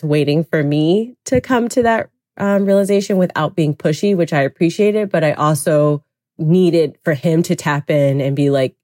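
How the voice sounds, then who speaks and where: A woman with a notably low voice recounts a personal experience as a podcast guest. She talks candidly and reflectively, leaning on "like" as she searches for words. The recording is dry and close. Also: darkish tone, no echo. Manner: candid, reflective, heavy use of "like". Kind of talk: personal storytelling in a podcast interview.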